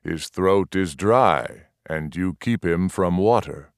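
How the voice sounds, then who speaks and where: A man voicing a grave, slow-speaking chieftain. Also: dry recording, studio quality. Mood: grave, measured. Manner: slow, low and deliberate, speaking in short grave sentences. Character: calm, grave male chieftain, measured and reasonable.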